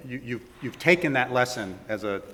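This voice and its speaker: A man moderating a talk, asking a halting question. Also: medium pitch, lively intonation, a bit bright, a little hiss or hum. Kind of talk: interview question. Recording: distant mic in a reverberant hall.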